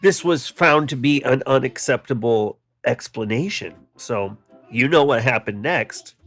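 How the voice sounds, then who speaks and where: A man in his forties rambling through an absurd comedy bit with a deadpan delivery. His voice is bright and tense, sitting at an ordinary pitch for a man. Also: measured pace. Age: 40s.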